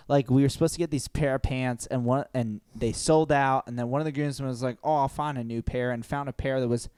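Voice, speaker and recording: A man's voice: mid-range voice, a little mellow, no room sound, clean studio sound. A young man co-hosting a comedy podcast, ranting a story with lots of swearing and laughter. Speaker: podcast co-host. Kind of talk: casual comedy podcast chat.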